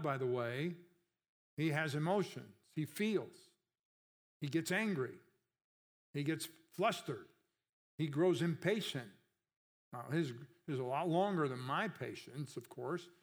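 A male pastor with a mid-range voice gives a conversational sermon. He poses rhetorical questions to the congregation and raises his voice sharply on words he wants to emphasize.

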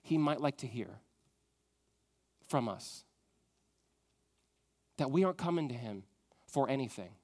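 A man preaching a sermon, moving from loud emphatic questions to a soft, hushed tone. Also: medium pitch, animated, takes it slowly, long pauses. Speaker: pastor.

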